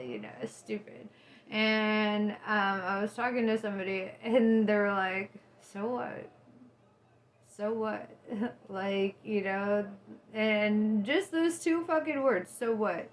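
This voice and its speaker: Rambling, laughing young woman. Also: a little high. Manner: rambling, full of fillers and bursts of laughter; profane, animated, talks to viewers as guys. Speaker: spiritual vlogger. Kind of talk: casual rambling monologue to viewers.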